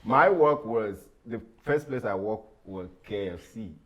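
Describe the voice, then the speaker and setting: Relaxed guy, lowish voice, chuckling through his story on a chat show. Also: unhurried, over a noisy crowd. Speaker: guest. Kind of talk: casual storytelling.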